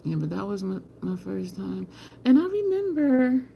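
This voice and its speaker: A woman's voice: mid-range voice, big pitch swings, normal speed, gravelly, dull audio. Woman chatting live with faint traffic behind. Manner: rambling storyteller, addresses chat as y'all, frequent laughs. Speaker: livestream host. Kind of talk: casual live chat, answering viewer comments. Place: home, by an open balcony window. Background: faint street traffic.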